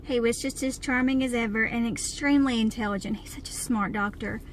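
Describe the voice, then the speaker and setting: A woman's voice: fairly high pitch, fairly even intonation, brisk. A woman with a Southern US accent, talking to camera with candid, plainspoken chat from inside a car. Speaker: vlogger. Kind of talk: casual talk to camera. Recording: clear car road noise.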